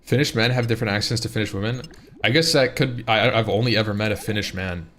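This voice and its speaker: A man's voice: lowish voice, quick pace, fairly bright tone, a little hiss or hum. A man streaming live, chatting casually and rambling with his viewers, often repeating and restarting his words.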